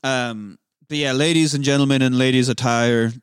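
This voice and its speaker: A man's voice: mid-range voice, steady tone, normal speed, clear, resonant tone, dry recording, studio quality. A man chatting casually about a film, retelling scenes in a rambling, laid-back way, swearing freely and acting out lines. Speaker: podcast co-host. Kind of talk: casual movie recap chat.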